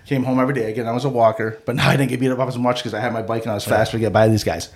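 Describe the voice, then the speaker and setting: A man co-hosting a podcast, telling a childhood story in a casual, animated way and acting out the people in it. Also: mid-range voice, very fast, few pauses. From Mohawk community of Akwesasne. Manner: animated, acts out the people in his stories.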